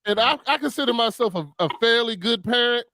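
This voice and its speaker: Bright, high-voiced man telling funny stories. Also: a little fast, no echo. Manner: animated storyteller, acts out relatives in funny voices. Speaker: show co-host. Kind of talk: casual comedic banter.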